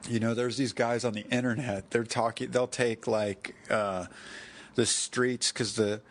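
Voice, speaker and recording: A man's voice: mid-range voice, little pitch movement, measured pace. Rambling American man musing aloud solo. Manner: digressive, self-correcting, chuckling asides. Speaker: podcast host.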